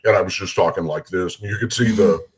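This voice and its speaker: Low husky-voiced man telling stories. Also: fast. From Minnesota. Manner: animated, acts out voices in his anecdotes. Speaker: guest police officer. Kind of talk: casual storytelling.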